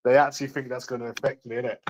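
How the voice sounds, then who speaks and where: A man's voice: mid-range voice, little pitch movement, racing, a little mellow, a little hiss or hum, low-quality recording. A man with a London accent chatting casually to viewers on a livestream, blunt and mocking, swearing often.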